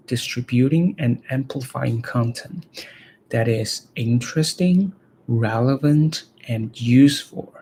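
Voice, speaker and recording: Slow, gravelly man practicing reading aloud. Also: medium pitch, darkish tone, slight background noise, poor audio. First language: Chinese. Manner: halting, repeats words and phrases to practice them. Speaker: language learner reading aloud.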